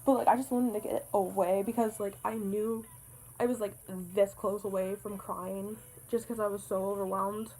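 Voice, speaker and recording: A young woman vlogger telling a story in an excited, breathless way, full of "like"s. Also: mid-range voice, normal speed, low-quality recording. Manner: excited, breathless retelling with many "like"s. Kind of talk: casual storytime.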